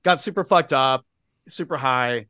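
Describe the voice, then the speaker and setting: A male podcast co-host telling a rambling, lively anecdote in casual chat, full of asides and swearing, on a studio mic. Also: medium pitch, measured pace, dry recording.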